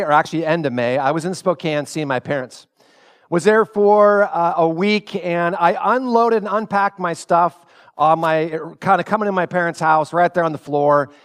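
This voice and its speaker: A man preaching a sermon as pastor, telling stories in a loose conversational way and asking the congregation rhetorical questions. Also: sits high.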